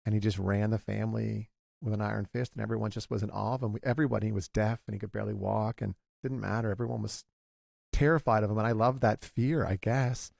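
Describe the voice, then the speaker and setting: A man in his forties, talking in a halting, confessional way, with many restarts, as a guest in a candid conversation. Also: fairly low pitch, steady tone, gravelly, darkish tone, dry recording, clean studio sound. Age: 40s.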